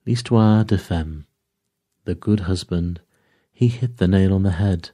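A man's voice: sits low, a little slow, mellow, no echo, studio quality. A man voicing a fussy, courteous little male detective who drops French phrases and speaks dryly. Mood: animated.

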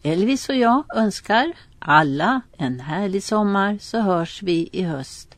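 A woman radio presenter gives calm, measured scripted announcements and sign-offs. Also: medium pitch, dry recording.

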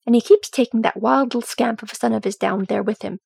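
A woman voicing a scarred, fierce dwarf warrior woman with a soft, wry manner in a storybook reading. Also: mid-range voice, flat delivery, fairly quick, gravelly, breathy edge, no room sound.

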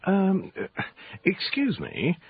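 A stammering reporter, tinny sound. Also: male voice, sits high, huge pitch swings, slow, gravelly, heavily acted. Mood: chatty. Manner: hesitant, stammering, with fillers. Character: hesitant, nosy male reporter. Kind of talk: radio drama acting. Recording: tinny phone-like radio sound with faint hiss.

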